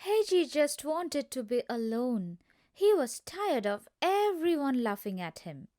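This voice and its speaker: Slow, lilting storybook narrator, woman. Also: high voice, sing-song, warm tone, no echo, clean studio sound. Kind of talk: storybook narration for a school play.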